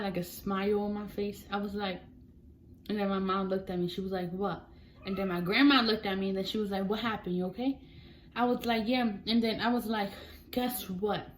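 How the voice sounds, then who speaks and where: A woman's voice: medium pitch, slight background noise, low-quality recording. A young woman telling a chatty storytime vlog, acting out her family members' voices as she goes. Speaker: vlogger.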